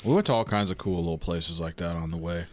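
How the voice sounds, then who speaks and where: Deep-voiced man in casual chat. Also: quick pace. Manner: swears freely, rambling. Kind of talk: casual chat, eating on camera.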